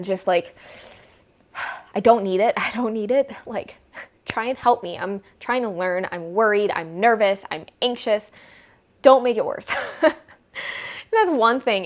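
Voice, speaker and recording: A woman's voice: mid-range voice, a bit bright. A young woman vlogging a casual storytime, rambling and exasperated, with wry sarcasm.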